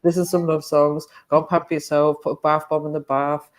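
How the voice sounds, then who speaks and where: A man's voice: on the high side, little pitch movement, fairly quick. A man chatting on a live panel, blunt, swearing and laughing often. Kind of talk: casual panel chat.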